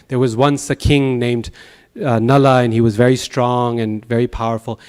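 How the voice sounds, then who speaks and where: A man teaching a Sanskrit class at a temple, telling anecdotes in an animated way with chuckles and restarts. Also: medium pitch, normal speed, clean tone. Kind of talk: lecture with anecdotes.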